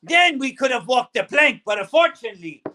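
A man playing a boastful pirate captain who takes over a podcast, shouting in pirate bluster. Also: very high voice, big pitch swings, brisk, full character voice. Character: boastful male pirate captain, gruff and grandiose. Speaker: podcast co-host.

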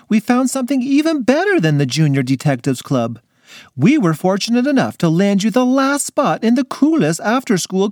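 A man's voice: very high voice, a little mellow, dry recording, studio quality, pitched above the performer's own voice. A man voicing a cheerful, overeager mother with a chirpy, sing-song voice.

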